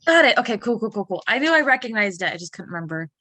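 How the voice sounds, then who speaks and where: A woman playing a tabletop game, chatting casually with quick, swearing remarks. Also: medium pitch, sing-song, bright, forceful tone, no room sound. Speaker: player.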